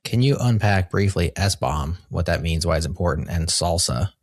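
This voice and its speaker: A man's voice: deep voice, animated, moderate pace, no echo, clean studio sound. A man co-hosting a tech podcast, tossing out teasing, joking banter while he asks questions. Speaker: podcast co-host. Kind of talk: casual interview chat.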